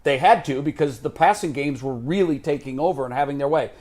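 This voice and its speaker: Guy hosting sports talk, slightly high voice, casual and emphatic. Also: brisk, a little mellow. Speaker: sports show host.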